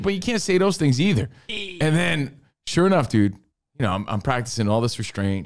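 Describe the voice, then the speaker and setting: A middle-aged man, a podcast co-host, telling a comedic story in an animated way, acting out scenes with shouts and voices. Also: medium pitch, normal speed.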